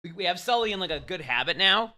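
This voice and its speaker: A young man talks casually to his livestream viewers, rambling and restarting his sentences. His voice sits a little high and sounds bright and forward. He chats loosely, with plenty of fillers. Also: animated, fast. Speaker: streamer.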